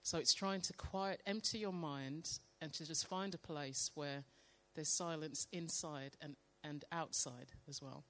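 Woman sharing devotional testimony, slow and meditative in delivery. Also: low voice. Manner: slow, calm, soft-spoken, meditative. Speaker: church member sharing testimony. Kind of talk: devotional testimony with guided prayer.

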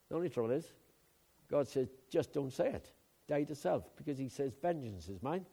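An older man from Wales preaching a sermon, swinging between loud emphatic outbursts and quiet asides. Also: on the high side, expressive, a little fast, gravelly, husky. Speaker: pastor.

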